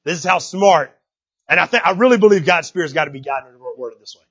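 A man's voice: a little high, lively intonation, quick pace, a bit bright, breathy edge, muffled recording. A man preaching a sermon in a conversational way, often repeating words and checking in with the congregation. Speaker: pastor.

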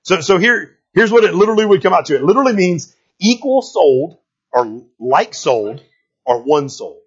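Animated high-voiced male preacher. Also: normal speed, breathy edge, dull audio. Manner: animated, conversational, asks "right?" often. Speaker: pastor. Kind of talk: sermon.

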